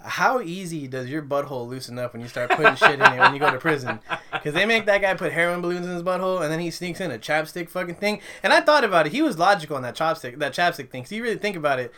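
A man co-hosting a podcast, chatting excitedly about movies and comics, swearing constantly and acting out lines. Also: fairly high pitch, quick pace, slight background noise. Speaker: podcast co-host. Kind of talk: casual profane chat about movies and comics.

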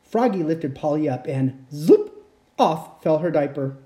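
A woman reading a children's picture book aloud at bedtime, expressive and playing out sound effects. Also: low voice, unhurried. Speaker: storyteller. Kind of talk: bedtime story read-aloud.

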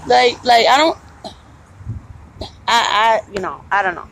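A woman's voice: a little high, lively intonation, unhurried, background noise. A tired woman in pain, venting bluntly and profanely about customers at her retail job in a casual podcast monologue.

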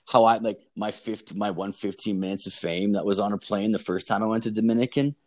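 A man's voice: on the low side, fairly even intonation, brisk. A young man hosting a podcast, telling a long story in casual chat, rambling and swearing constantly with lots of "like" and "dude". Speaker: podcast host.

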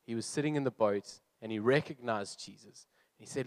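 A man's voice: medium pitch, normal speed, no room sound. A young man who is a youth leader, preaching earnestly and reading scripture aloud before explaining his points. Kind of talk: sermon.

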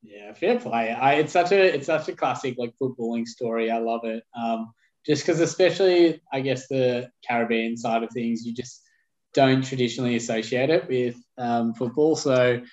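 A man's voice: mid-range voice, moderate pace, a little mellow, lo-fi sound. A man co-hosting a podcast in casual chat, joking in a dry, self-mocking way. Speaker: podcast co-host.

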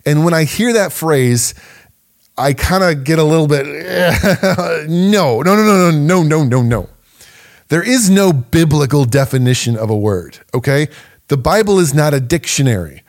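Male podcast teacher: animated, emphatic, laughs between points. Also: a little high, normal speed. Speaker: podcast host and Bible teacher.

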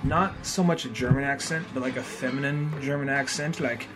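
A man's voice: medium pitch, steady tone, moderate pace, over music. A man co-hosting a podcast in casual chat who rambles and searches for his words. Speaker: podcast co-host.

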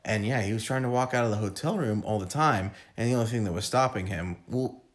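A man co-hosting a podcast in casual chat, animated and quick to laugh, cursing casually as he tells stories. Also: fairly low pitch. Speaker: podcast co-host.

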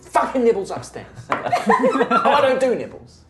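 A man's voice: very high-pitched, big pitch swings, measured pace, echoey room, over loud music, pitched above the performer's own voice, heavily acted. A man doing a furious half-orc chef. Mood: furious shouting. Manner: shouting, swearing constantly. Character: angry jacked half-orc head chef, male.

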